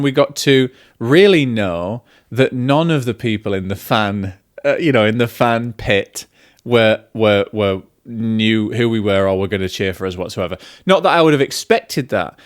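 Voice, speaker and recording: A man's voice: medium pitch, normal speed. A man, a film vlogger chatting casually and self-deprecatingly, drifting off on tangents. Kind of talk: casual chat.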